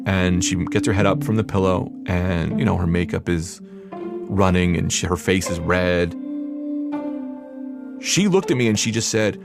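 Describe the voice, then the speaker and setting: A young man from New Jersey tells a personal story in a candid, rambling way, full of fillers, and he acts out what people said. His voice sits low with a gravelly edge. A clear music bed plays under him. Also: animated, a little slow, pauses often. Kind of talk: personal story told to a podcast.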